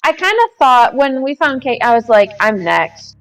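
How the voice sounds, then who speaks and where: A woman's voice: high voice, expressive, moderate pace, distant mic, low-quality recording. A woman talking casually as a player in a tabletop horror game.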